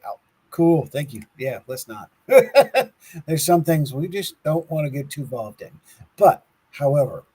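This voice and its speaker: Husky guy on a chill podcast, laughs a lot, kinda stumbles reading his notes out loud. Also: a little high, low-quality recording. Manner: laughs often, stumbles over words while reading aloud. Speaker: podcast co-host. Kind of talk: casual conspiracy podcast talk, reading from notes.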